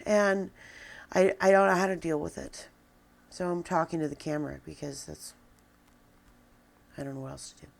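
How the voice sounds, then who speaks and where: A woman in her forties talking to a camera, venting in a halting, downcast way with many restarts. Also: deep voice, fairly even intonation, creaky. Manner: subdued and downcast. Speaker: vlogger. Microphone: camera with a person filming.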